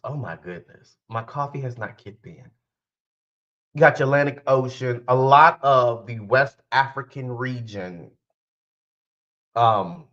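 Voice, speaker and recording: A spiritual life coach hosts a casual solo podcast, rambling straight to his audience and frequently correcting himself. His voice is medium-pitched and fairly bright, and the audio is dull.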